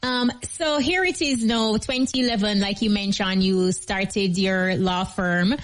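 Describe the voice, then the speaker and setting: A woman's voice: medium pitch, measured pace. A woman host, asking questions in an interview and repeating words as she works toward the point. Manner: rambling, repeats words while framing questions.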